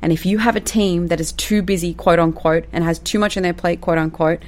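A woman's voice: lowish voice, steady tone, fairly quick. A woman, giving casual, direct advice to managers and acting out quoted dialogue in a playful way. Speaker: business coach for managers.

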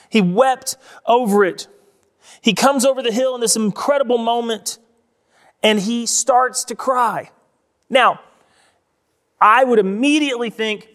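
A pastor preaching a sermon in a conversational way, repeating words for emphasis. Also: male voice, sits high, a little slow, a bit bright. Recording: long reverb of a large hall.

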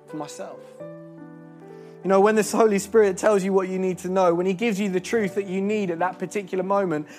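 High-voiced young preacher. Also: male voice. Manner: earnest and animated, with restarts and laughs. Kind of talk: sermon with storytelling.

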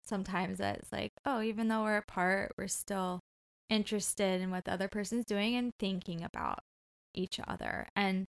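A woman's voice: mid-range voice, big pitch swings, moderate pace, creaky. A woman co-hosting a casual marriage podcast, talking in an earnest, reflective way. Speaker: podcast co-host.

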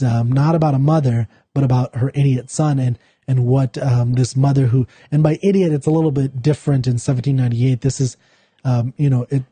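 A man hosting a poetry show, talking loosely with many fillers and restarts, then reading a poem aloud slowly. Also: mid-range voice, mellow, breathy edge, no echo. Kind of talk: casual talk then slow poetry reading.

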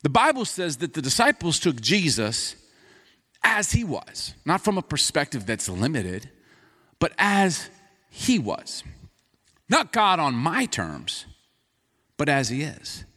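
Brief: male pastor, lively storytelling sermon, rising and falling pitch, long hall reverb. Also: slow, long pauses. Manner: conversational storytelling preacher, acts out dialogue.

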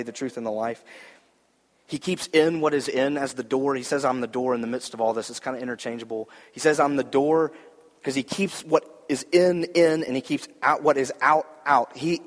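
A man preaches in a sermon to a young audience, earnest and conversational, leaning on repeated phrases. His voice sits at an ordinary middle pitch. A long reverb trails each line, as if he is speaking in a large hall. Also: fairly even intonation, brisk. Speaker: pastor.

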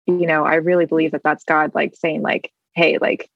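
This is a young woman with a low voice, recorded dry on a video call. She talks about her faith with earnest warmth, rambling and circling back with many fillers. Her emotion sits close to the surface. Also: little pitch movement, fairly quick, vocal fry, no room sound, lo-fi sound. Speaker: guest. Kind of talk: casual faith conversation over video call.

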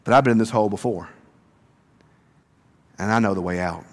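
A man voicing a calm friend who offers steady reassurance in an everyday voice. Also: lowish voice, brisk, natural voice. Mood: reassuring.

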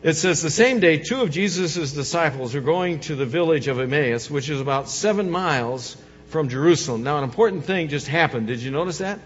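A male pastor preaching a sermon, moving from soft coaxing lines to loud, emphatic ones. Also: on the high side, brisk, slight background noise. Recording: dull sound with long hall reverb.

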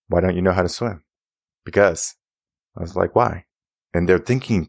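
A gravelly-voiced man hosts his own podcast as a mindset coach, speaking at a normal speed in clean, echo-free studio sound. He tells a story earnestly and repetitively, raising his voice higher to act out the dialogue.

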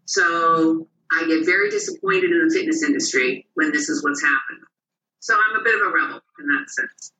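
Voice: mid-range voice, a little fast. An interview guest telling personal stories, acting out the voices of the people in them. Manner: animated, acts out quoted voices. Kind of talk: personal storytelling. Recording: roomy and distant.

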